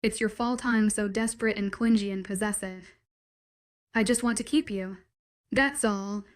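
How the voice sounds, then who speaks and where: A woman's voice: mid-range voice, normal speed, lightly acted. A woman reading the lines of a possessive young male werewolf, pleading with intense declarations. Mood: desperate, possessive.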